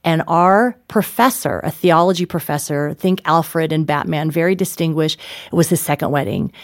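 A woman's voice: normal speed, no echo, studio quality. A middle-aged woman, an author being interviewed, telling funny family stories in casual conversation, laughing and acting out quotes. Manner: animated, laughing, acts out quotes with big pitch jumps. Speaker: author and guest.

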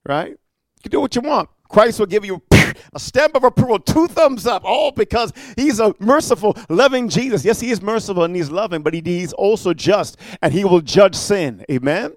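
A man with a high-pitched voice preaches a fiery evangelistic sermon, driving each point home with "amen" and "huh?". He swings between hushed asides and loud declarations, recorded close and dry with no room sound. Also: expressive, moderate pace, no room sound. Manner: emphatic, peppered with "amen" and "huh?".

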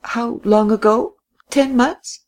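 A man voicing a lively young widow who speaks in high, distinct, teasing tones. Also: slow.

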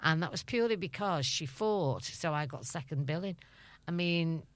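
A woman's voice: sits low, animated, moderate pace, no room sound. A middle-aged woman with a Liverpool Scouse accent, a guest chatting casually and laughing as she tells stories. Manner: chatty storyteller, laughing often. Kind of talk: casual interview chat.

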